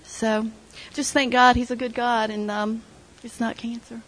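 A woman's voice: fairly high pitch, level tone, unhurried, fairly bright tone, a little hiss or hum, low-quality recording. A middle-aged woman sharing an emotional personal testimony with her church group, retelling conversations as she goes. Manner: emotional storytelling, quoting others.

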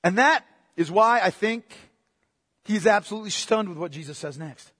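Animated high-voiced male preacher. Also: normal speed, long reverb tail. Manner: animated preaching, swinging between loud emphasis and hushed asides. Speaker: pastor. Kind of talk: sermon.

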